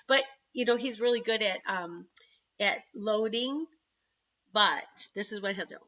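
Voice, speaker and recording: A woman, the parent of an autistic son, chatting casually on a video call and telling stories in an animated way. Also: medium pitch, unhurried, highs cut off. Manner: chatty, animated storytelling with frequent laughs. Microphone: computer microphone on a video call.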